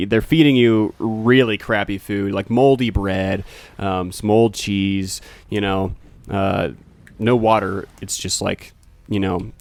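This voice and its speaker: A man's voice: lowish voice, no room sound. Rambling male game master. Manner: rambling, full of fillers and self-corrections. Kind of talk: narrating a tabletop game.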